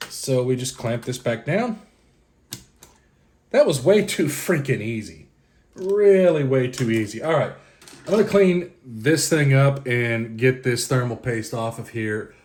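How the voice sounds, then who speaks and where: A man's voice: medium pitch, darkish tone. A man hosting a casual repair video, narrating each step aloud as he works and joking with his viewers. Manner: joking, self-mocking, chatting to viewers. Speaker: host of a computer repair channel. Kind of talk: casual hands-on repair walkthrough.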